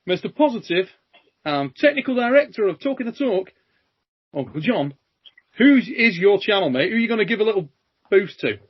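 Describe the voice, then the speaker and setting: A man's voice: high-pitched, animated, moderate pace, long pauses, husky. A British man hosting a casual chat show, blunt and joking, swearing freely. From Britain. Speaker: show host. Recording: muffled lo-fi audio.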